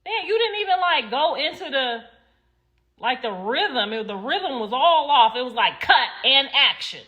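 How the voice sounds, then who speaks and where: A woman's voice: high voice, very animated, moderate pace, a bit bright. A young adult woman hosting a casual livestream, talking straight to her viewers in a blunt, rambling way and swearing freely. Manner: sassy, talks straight to viewers. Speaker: livestream host.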